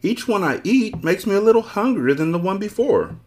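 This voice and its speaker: Male reader doing a curious storybook boy, high and wide-ranging. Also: animated, brisk, a little mellow. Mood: puzzled. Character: boyish young boy hero, curious and doubtful.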